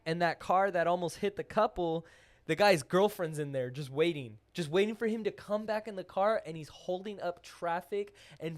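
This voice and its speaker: A young man with a high voice tells a story on a podcast with animated, chatty energy. He fills his talk with "like" and acts out other people's voices as he goes. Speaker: podcast host. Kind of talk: casual storytelling chat.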